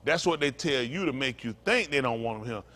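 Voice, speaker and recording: A man's voice: mid-range voice, expressive, brisk, pushed and bright. A man preaching to a congregation in a fiery, emphatic way, repeating his points and throwing in mocking asides. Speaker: pastor.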